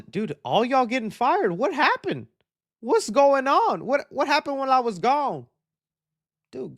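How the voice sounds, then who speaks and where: Give me a young man with a slightly high voice, casually chatting through viewer questions on a live show. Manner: chatty and upbeat, reads out viewer messages. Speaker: host reading live chat questions. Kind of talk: casual live-stream chat.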